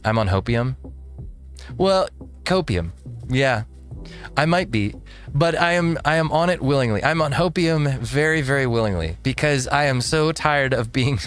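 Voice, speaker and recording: A man's voice: mid-range voice, fairly bright tone. A man hosting a casual live-stream, reacting to a video with rambling talk and frequent laughs. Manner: rambling, laughs often, restarts.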